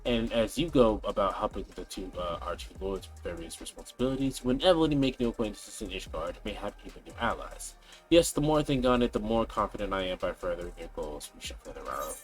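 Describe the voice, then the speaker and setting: A man voicing a measured, earnest young diplomat, formal speech broken by fillers. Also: on the low side, expressive, faint music behind, natural voice, rough recording.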